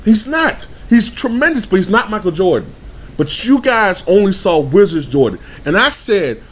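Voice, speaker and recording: A man in his thirties with a high voice that leaps all over the place as he rants. He swears constantly and bursts into angry shouts. This is a fired-up, unscripted vlog tirade. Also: big pitch swings, moderate pace. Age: 30s. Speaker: sports vlogger. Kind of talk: heated profane rant.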